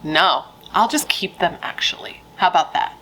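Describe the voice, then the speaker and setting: A woman's voice: lowish voice, expressive, normal speed, bright, forceful tone, poor audio. A woman voicing a middle-aged husband who is blunt and dismissive as he walks out of his marriage. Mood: exasperated.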